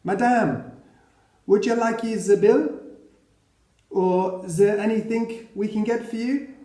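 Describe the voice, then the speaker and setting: A man's voice: sits high, steady tone, takes it slowly, dark tone, reverberant, pitched above the performer's own voice. A man voicing a polite, formal restaurant waiter. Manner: courteous, formal.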